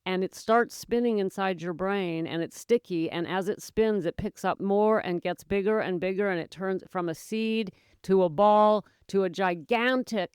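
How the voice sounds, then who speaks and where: Woman, 40s, podcast host, casual monologue, animated, smooth clear voice. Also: medium pitch, no echo, studio quality. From North America. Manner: chatty, animated, laughs often, addresses listeners as gals.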